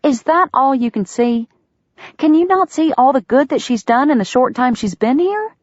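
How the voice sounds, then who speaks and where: A woman reading an audiobook, voicing a spirited young woman who is indignant and quick-witted. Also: mid-range voice, animated, no echo, voice pushed up, close to an everyday voice. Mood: earnest. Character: spirited young woman, protective of her friend. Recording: dull, dry lo-fi sound.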